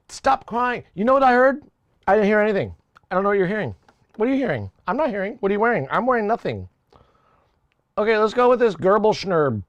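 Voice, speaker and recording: A man's voice: high voice, no echo, muffled recording. A young man casually chatting on a live music-production stream, rambling, swearing and laughing at his own jokes. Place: home studio.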